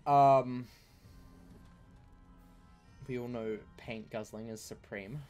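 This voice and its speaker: A man's voice: medium pitch, steady tone, slow, a little mellow, faint music behind. A man chatting casually while streaming a game, playful and teasing, often repeating himself. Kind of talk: casual gameplay chat.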